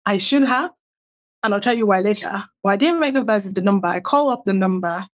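Speaking a little fast with lively intonation, a middle-aged woman from Nigeria, a writer, shares her personal story in a mid-range voice. She animates quoted people by raising her voice and livening it up.

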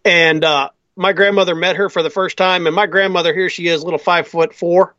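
Middle-aged man, high pitch, lo-fi dry sound, casual podcast storyteller. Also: fairly even intonation, a little fast, a bit bright, dry recording. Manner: storytelling, acts out quoted voices. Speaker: podcast guest. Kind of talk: casual chat. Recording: dull, lo-fi sound.

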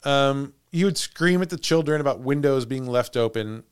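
A man's voice: medium pitch, moderate pace, smooth. A man hosting a podcast, telling a haunted-house story in casual chat. He laughs often and trails off into restarts.

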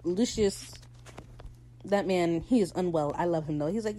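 A woman hosting a podcast, recapping a TV episode in casual, opinionated talk and slipping into quick character voices. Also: fairly low pitch, warm tone, a little hiss or hum, low-quality recording. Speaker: podcast host.

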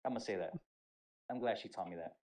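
Over poor audio, a young man with a lowish voice talks at a quick pace. He's a podcast co-host sharing an army story in relaxed conversation, animated and cursing, and acting out what people said.

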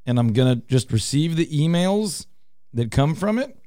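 Mellow-voiced joking radio host, man. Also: on the high side, lively intonation, normal speed, no room sound, clean studio sound. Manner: playful, teasing and self-mocking. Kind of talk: casual studio banter. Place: radio studio.

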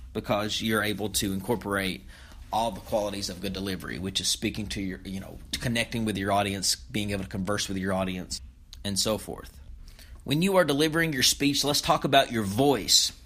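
A man's voice: mid-range voice, a bit bright, slightly rough. A man hosting a podcast, teaching public speaking in a conversational spoken lesson with frequent fillers and self-corrections.

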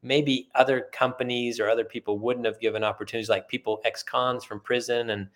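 A man's voice: medium pitch, steady tone, fairly quick, a bit bright. A middle-aged man telling a story in conversation as a guest, acting out the quoted dialogue in earnest. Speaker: podcast guest.

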